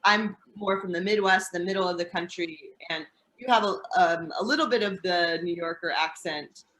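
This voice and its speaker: A woman's voice: fairly low pitch, normal speed, fairly bright tone. A woman from Indiana with an American accent, explaining English pronunciation in a casual teaching chat.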